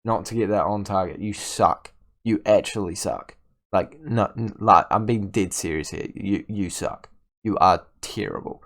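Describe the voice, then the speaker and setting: A man's voice: lowish voice, unhurried, fairly bright tone. A young man giving casual commentary on his football management game, getting frustrated with his team and stammering through restarts as he rants at the players. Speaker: gaming YouTuber.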